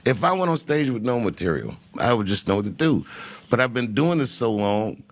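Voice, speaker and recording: A man who is a comedian, telling a long story in an interview in an unhurried, musing way with frequent restarts. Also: mid-range voice, big pitch swings. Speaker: comedian guest.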